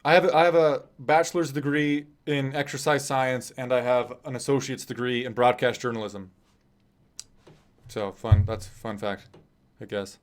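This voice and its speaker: A man from Nebraska calls a live fight stream in a relaxed, chatty way. He keeps his tone wry and self-deprecating, with an everyday mid-range voice. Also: medium pitch, normal speed. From Nebraska, USA. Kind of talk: casual live reaction commentary.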